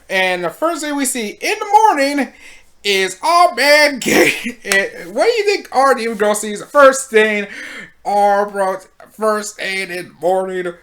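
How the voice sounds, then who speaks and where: A host giving casual video commentary in a slangy, animated way, laughing often. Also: mid-range voice.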